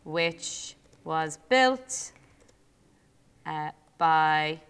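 A young Irish woman with a slightly low, smooth and clear voice talks through a classroom demo. She is chatty and thinks aloud, with plenty of ums as she works. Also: animated, extremely slow, fairly bright tone. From Ireland. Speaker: co-host teacher. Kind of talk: casual classroom demo while playing.

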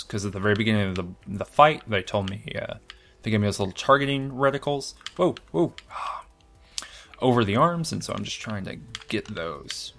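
A man commentating his own video game playthrough, thinking aloud and cheerfully mocking his own play. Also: on the low side. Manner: excitable, self-deprecating, thinks aloud.

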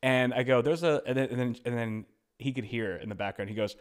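A young man on a podcast telling a story in a casual, animated way, switching into quoted voices as he goes. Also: mid-range voice, fairly quick, clean tone. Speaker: podcast co-host.

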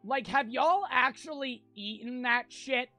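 A young man with an American accent, streaming a game live and talking to his chat, profane and quick to get frustrated. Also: extremely high pitch, pushed and bright, soft background music. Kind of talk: casual livestream gameplay chat.

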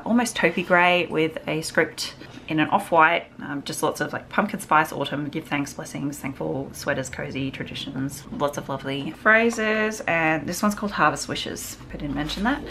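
A woman's voice: sits low, gravelly, fairly bright tone, slight background noise. A woman craft vlogger chatting casually through a haul, gushing over each item with little exclamations. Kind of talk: casual show-and-tell haul.

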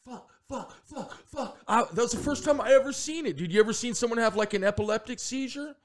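A man's voice: very high-pitched, quick pace, a little hiss or hum. A man telling rambling, profane stories in casual podcast chat, acting out what people said. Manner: profane, animated storyteller acting out quotes. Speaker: podcast guest.

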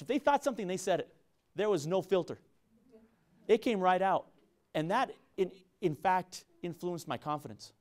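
A middle-aged man with a San Luis Valley Colorado accent, giving an earnest public lecture to students, often repeating himself and restarting phrases. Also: high voice. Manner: earnest, repetitive, frequent restarts. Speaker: university business professor.

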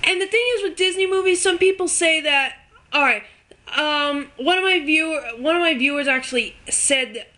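A woman's voice: sits high, normal speed, bright, forceful tone. A woman delivering an unscripted rant to camera for her video channel. She sounds exasperated and emphatic, and she tags her points with "okay?" and "all right?". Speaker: video ranter.

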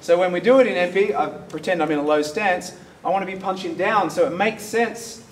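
A man's voice: high-pitched, brisk. A man with an Australian accent teaching a karate workshop, explaining step by step and checking that the class follows. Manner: explains step by step, asks "hey?" for agreement, shouts counts. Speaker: karate instructor. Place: large echoey training hall. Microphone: camera mic from a distance. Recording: echoey hall, far from the mic, room noise.

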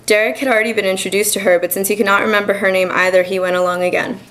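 A young woman student reading her own short story aloud at a college reading, in an even, measured manner. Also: medium pitch, poor audio. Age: young adult. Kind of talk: literary reading.

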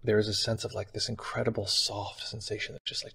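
A man speaks in a low, flat voice with heavy vocal fry and a husky, breathy grain. He recounts a personal experience softly and haltingly, with frequent pauses and fillers. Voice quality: gravelly, husky. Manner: soft-spoken, halting, many fillers. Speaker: meditation channel host. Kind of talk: personal reflective account.

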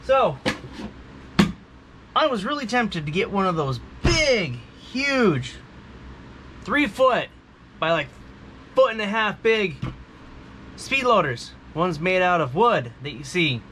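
A man's voice: sits high, very animated, takes it slowly, long pauses, noisy background. A man hosting a casual gear review vlog, talking in a jokey, rambling way with self-mocking asides. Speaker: channel host.

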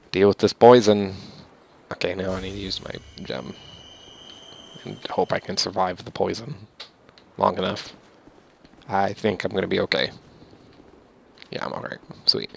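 Young man, fairly low voice, some vocal fry, casual game commentary, rambling, swears at enemies. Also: flat delivery, normal speed. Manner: rambling, swears at enemies, mock-angry outbursts. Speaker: gamer.

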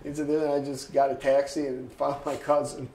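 A man in his sixties telling stories in an oral history interview, lively and anecdotal, often chuckling. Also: mid-range voice, brisk, reverberant, low-quality recording. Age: 60s. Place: interview booth.

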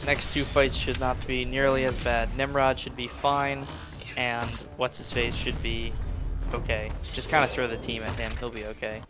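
A man's voice: medium pitch, flat delivery, normal speed. A man co-hosting a gaming stream, thinking aloud and weighing options in casual chat. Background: game music.

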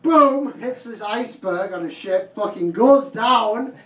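A man's voice: high voice, expressive, a little slow. A man from the north of England with a Teesside accent doing a profane, rambling stand-up set and laughing at his own jokes. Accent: Teesside English. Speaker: stand-up comedian. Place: comedy club stage. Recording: roomy distant live club recording, noisy.

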